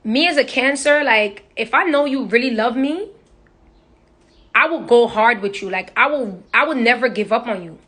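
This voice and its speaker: This is a young woman and social media personality in a casual, profane, straight-talking livestream chat from her phone, indoors. She sounds a little high and animated, speaking at a normal pace with a sharp edge to her tone.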